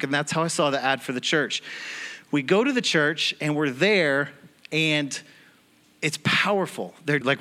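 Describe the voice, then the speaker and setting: A young man telling a personal testimony in a sermon, animated and acting out the people he quotes with laughing asides. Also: a little high. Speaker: church speaker telling a testimony.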